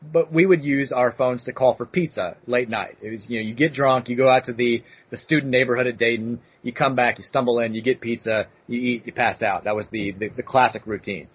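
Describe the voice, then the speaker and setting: A man's voice: mid-range voice, brisk, few pauses, husky, highs cut off. A man in his thirties hosting a podcast, telling rambling stories in a loose, casual way. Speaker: podcast host. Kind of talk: casual chat.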